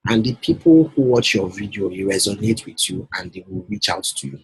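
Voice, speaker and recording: A man's voice: lowish voice, brisk, breathy edge, no room sound, rough recording. A man coaching a client on a call, persuasive and often checking that she follows. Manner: persuasive, repeats himself, checks for understanding. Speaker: business coach.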